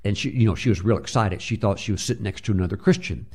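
A man's voice: on the low side, fast, darkish tone, breathy edge. A man preaching a sermon, telling a story with many filler uhs and acting out the voices he quotes.

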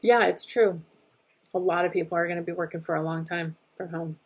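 A woman co-hosting a podcast, talking through a topic casually and thoughtfully, often pausing to restart her sentences. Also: on the low side, steady tone, husky. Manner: thoughtful, hesitant, with many restarts. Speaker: podcast co-host. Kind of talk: casual discussion.

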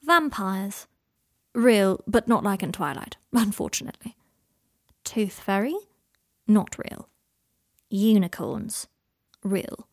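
A woman's voice: medium pitch, expressive, slow, pauses often, dry recording. A woman voicing an injured, weak young man with a dry wit, speaking faintly and often in a whisper, in a read-aloud story. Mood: wry.

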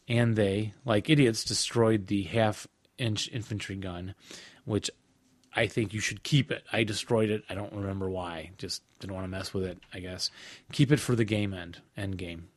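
A man's voice: on the low side, dry recording. A man co-hosting a podcast, chatting casually about a board wargame, laughing often and reading rules off cards. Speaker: podcast co-host.

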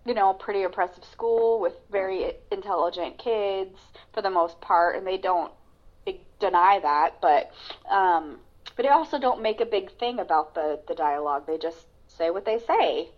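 A woman's voice: medium pitch, normal speed. A woman co-hosting a podcast, chatting casually about a film with lots of fillers and restarts. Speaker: podcast co-host. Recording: dull lo-fi sound.

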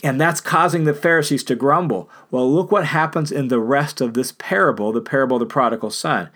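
A man's voice: mid-range voice, a little fast, fairly bright tone. An earnest man preaching a sermon, retelling a story with emphatic repetition. His voice sits in a plain middle range for a man, and he builds his points steadily phrase by phrase. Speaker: pastor.

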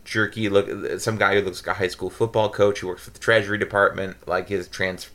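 An American man co-hosts a podcast, chatting casually about a movie in a rambling, joking way that keeps interrupting itself. His voice is low-pitched and a bit bright, with a level tone and a fairly quick pace.

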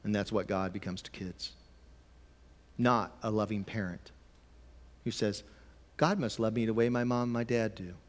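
A man preaching a conversational sermon, sometimes emphatic and sometimes dropping to a quiet, low voice. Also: moderate pace, pauses often, long reverb tail. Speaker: pastor.

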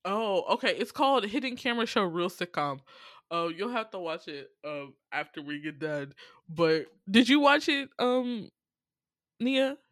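Animated young woman telling stories casually. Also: medium pitch, a little slow, no room sound, studio quality. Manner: animated storytelling, acts out quotes, swears freely. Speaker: podcast co-host. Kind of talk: casual chat.

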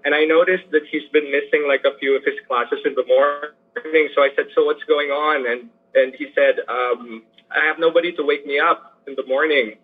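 Man, teacher, earnest, halting, slightly husky, tinny phone-line sound. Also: fairly high pitch, steady tone. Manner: earnest, halting, many restarts and fillers. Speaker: teacher working with poor youth. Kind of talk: interview over a remote line. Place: lives in Manila.

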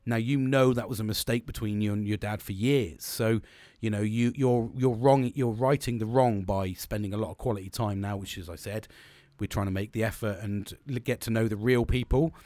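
Sweary, blunt man with a low voice. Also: steady tone, normal speed, a little mellow, dry recording, studio quality. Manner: blunt, sweary, rambling with restarts. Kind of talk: candid personal storytelling.

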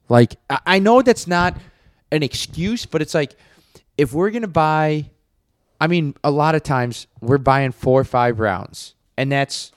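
Casting: man, mid-pitch, rambling barroom storyteller on a podcast, dry close mic. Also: no echo. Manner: rambling storyteller, many restarts. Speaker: podcast co-host. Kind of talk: casual chat.

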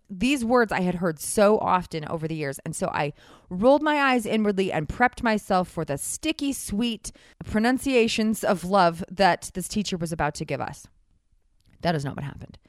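A woman's voice: mid-range voice, animated, normal speed, no echo, studio quality. A young adult woman telling a personal story in a candid, wry manner, acting out the voices of the people she quotes.

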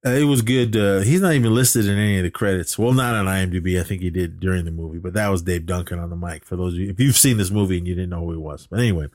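A man hosts a podcast, walking through a movie's plot in a loose, rambling style full of fillers. His voice sits fairly low, and the sound is dry and close. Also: very fast, hardly any pauses, darkish tone, no echo. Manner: rambling, filler-heavy storytelling. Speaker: podcast host. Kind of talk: casual movie recap.

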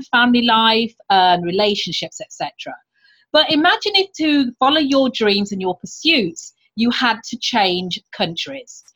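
A woman's voice: a little high, fairly bright tone, low-quality recording. A woman hosting an interview show, welcoming and upbeat as she introduces and questions her guest. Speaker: podcast host.

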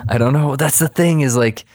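A man's voice: medium pitch, normal speed, a little mellow, no echo, clean studio sound. A man chatting casually, retelling a cartoon episode in a rambling way with many asides.

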